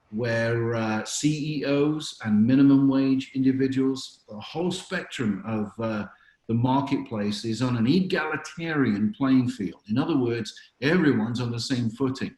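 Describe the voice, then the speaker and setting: In a low-quality recording with an echoey room, a man who is a chaplain and writer shares reflective stories during a podcast interview, often pausing with fillers. He speaks unhurriedly in a medium, slightly mellow voice.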